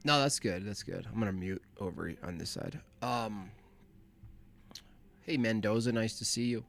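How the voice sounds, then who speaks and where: A man's voice: on the low side, moderate pace, gravelly, fairly bright tone, dry recording. A man hosting a call-in livestream, chatting casually and rambling to himself as he sets things up. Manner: rambling, laid-back, talks to himself while setting up. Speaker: livestream host.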